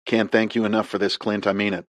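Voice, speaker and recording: A hardened soldier on the run, terse and earnest, with a deep, flat voice, as the narrator reads him. The recording is dry and close. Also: male voice, fast talker, no room sound, natural voice.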